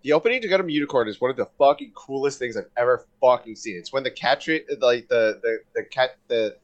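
A man in casual podcast chat, excitable and rambling, swearing often with lots of fillers. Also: mid-range voice, quick pace, highs cut off.

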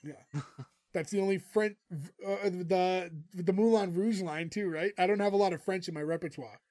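A man's voice: sits high, steady tone, moderate pace, darkish tone. A man co-hosting a podcast, recapping an episode in chatty casual talk full of fillers. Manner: chatty, full of "like" and "you know". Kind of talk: casual chat.

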